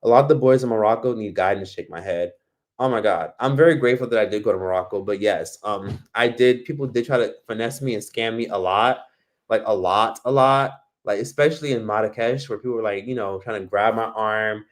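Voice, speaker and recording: A man's voice: on the low side, brisk. A man from Miami hosting a casual livestream, reading comments and giving blunt, profane advice. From Miami, United States. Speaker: livestream host.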